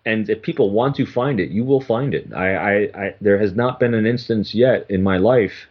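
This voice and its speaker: A man's voice: lowish voice, expressive, normal speed, husky, muffled recording. Middle-aged man explaining earnestly. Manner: earnest, explaining with many restarts. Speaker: guest, former FBI agent. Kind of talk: conversational interview.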